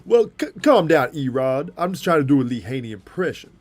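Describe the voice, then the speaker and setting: An old-school bodybuilding champion holds forth in a slow, drawn-out, raised voice, as a man puts on the impression. He preaches easily and keeps turning to an imagined friend for agreement. Faint music plays underneath. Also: medium pitch, big pitch swings, a little mellow. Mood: defensive.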